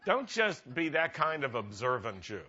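Rabbi giving a jokey sermon; bright, forceful man's voice, lively and chatty. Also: medium pitch, normal speed, lo-fi sound. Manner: chatty, laughs at his own jokes. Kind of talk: humorous sermon.

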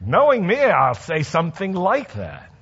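A man's voice: high-pitched, wildly swooping pitch, measured pace, gravelly, fairly bright tone, slightly rough, dull audio. A man preaching a sermon in a conversational way, asking the congregation questions and telling stories from his own life. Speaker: pastor.

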